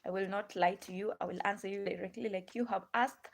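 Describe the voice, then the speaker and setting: A woman's voice: mid-range voice, steady tone, a little fast, creaky. A woman with a Ghanaian English accent hosting a live stream, chatting to viewers in a rambling way, repeating herself and asking them many questions.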